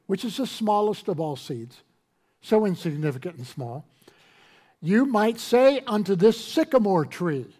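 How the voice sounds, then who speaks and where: A male pastor preaching a sermon to a congregation, quoting scripture in a raised, animated voice. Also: high-pitched, measured pace, breathy edge. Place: church hall with congregation.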